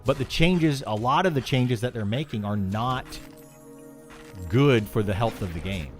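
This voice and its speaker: A male streamer talking straight to his chat in a very animated, up-and-down voice, frank and opinionated. He stumbles and restarts his sentences as he gets worked up, with soft music playing under him. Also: mid-range voice, measured pace. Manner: frank and opinionated, reads chat aloud then answers; restarts and stammers when heated. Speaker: game streamer.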